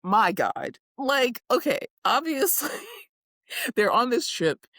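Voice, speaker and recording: A woman's voice: a little high, slow pace, no echo, studio quality. A woman co-hosting a podcast, retelling a reality show in casual chat and acting out bits of it. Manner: animated storytelling with impressions and frequent laughter. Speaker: podcast co-host.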